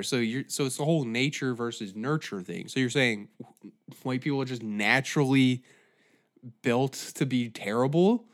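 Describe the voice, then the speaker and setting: A man hosting a podcast who rants in a profane, rambling, animated way. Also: medium pitch, a little slow. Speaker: podcast host. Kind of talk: comedic rant.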